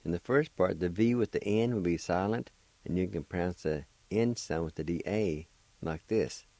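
The recording carries no room sound, just this man's low-pitched, dark-toned voice. As a radio host teaching language, he walks through words letter by letter, pronouncing them with slow, patient encouragement.

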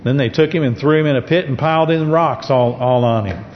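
Preacher man in a reverberant church. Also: fairly quick. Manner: conversational, with restarts, reads scripture aloud. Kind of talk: sermon with scripture reading. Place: church sanctuary. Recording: dull lo-fi church recording with long reverb and faint rumble.

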